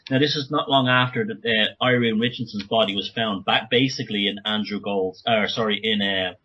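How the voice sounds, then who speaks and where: Man, husky, urgent podcast guest, quick bursts and restarts, dull lo-fi call audio. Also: on the low side, pushed and bright. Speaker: guest author. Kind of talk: podcast interview.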